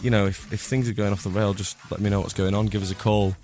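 A young man from Scotland, a singer guest, chatting in a radio interview with a slightly hoarse voice from flu, rambling and laughing often. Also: lowish voice, flat delivery, fast, darkish tone, soft background music. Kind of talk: casual radio interview chat. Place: radio studio.

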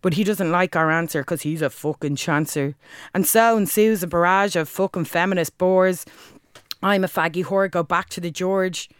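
A woman's voice: lowish voice, normal speed, clear, resonant tone, dry recording, studio quality. Dublin woman performing spoken word. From Ireland. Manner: rhythmic, forceful delivery with crude language. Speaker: guest, spoken word artist.

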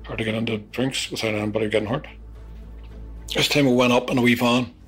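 A man's voice: mid-range voice, steady tone, fast, a bit bright, faint music behind. A man recounting his past in a rambling, profane confessional storytelling style. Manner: rambling, profane, peppered with "you know". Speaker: interviewee.

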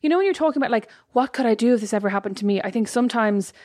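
A woman's voice: fairly high pitch, expressive, racing, a little mellow, no room sound, studio quality. A woman co-hosting a casual chat podcast, blunt and self-mocking, laughing often. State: pregnant. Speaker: podcast co-host.

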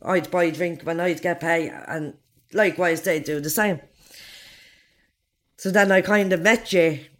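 A woman's voice: lowish voice, fairly even intonation, unhurried, pauses often. Blunt, foul-mouthed Irish woman in her forties. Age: 40s. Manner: blunt, swears freely, acts out others' lines. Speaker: interviewee. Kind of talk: recounting her life story.

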